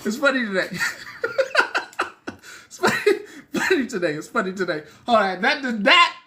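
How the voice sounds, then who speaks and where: A man's voice: high voice, big pitch swings, fairly quick, pushed and bright. A man hosting a comedic news show in a loose, rambling monologue, laughing at his own jokes.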